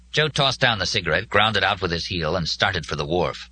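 A man reading scripted narration for an audiobook in a measured, solemn way. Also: low-pitched, expressive, sharp tone, a little hiss or hum.

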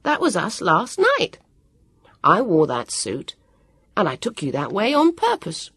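A woman's voice: lowish voice, wildly swooping pitch, a little slow, fairly bright tone, breathy edge, no echo, studio quality, exaggerated voice. A woman voicing a self-important young boy who talks in an airy, questioning way, read aloud in an audiobook. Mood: lordly.

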